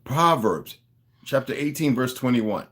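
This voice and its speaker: A man's voice: medium pitch, expressive, measured pace, a bit bright. A man talking to his viewers in a rambling, casual monologue, drifting between asides and restarting his sentences. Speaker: vlogger.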